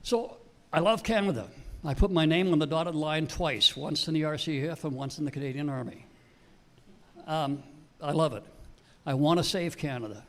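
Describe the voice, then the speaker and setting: A man's voice: a little high, normal speed, fairly bright tone. A man speaking at a political town hall, giving an impassioned, emphatic speech. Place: public meeting hall.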